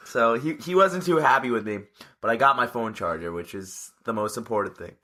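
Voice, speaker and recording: A man's voice: mid-range voice, fairly quick, sharp tone. A man in his twenties, co-hosting a casual podcast chat, telling rambling stories with restarts and laughs. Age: 20s. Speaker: podcast co-host.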